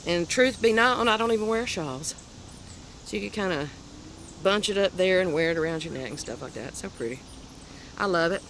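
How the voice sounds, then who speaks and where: A woman's voice: on the low side, expressive, a bit bright. Southern lady chatting about her crochet projects, rambly and giggly, faint bit of background noise. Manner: chatty, rambling, quick to laugh at herself. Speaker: crochet podcast host. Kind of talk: casual show-and-tell chat.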